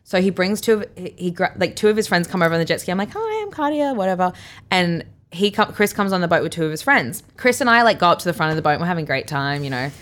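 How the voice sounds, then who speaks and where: A young Australian woman co-hosting a podcast, telling a story in casual chat and acting out quotes with big leaps in pitch and frequent laughs. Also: very fast, hardly any pauses. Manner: animated, acts out quotes with big jumps in pitch, laughs often. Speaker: podcast co-host.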